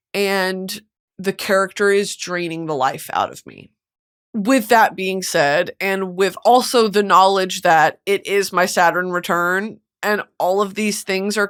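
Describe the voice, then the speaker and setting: A burnt-out podcast host in her twenties, near tears, delivers a candid solo monologue in a mid-range, fairly bright voice. She speaks earnestly and emotionally, swearing freely and leaning constantly on "like."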